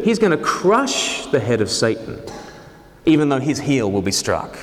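Animated preacher in an echoey hall. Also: male voice, fairly high pitch. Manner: animated, joking, asks the congregation questions. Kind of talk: sermon.

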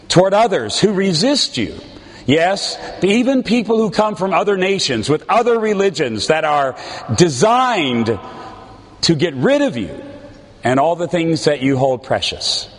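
A man preaching a sermon as a pastor, with a slow, earnest, pleading delivery and dramatic pauses. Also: high voice, very animated, in a large hall.

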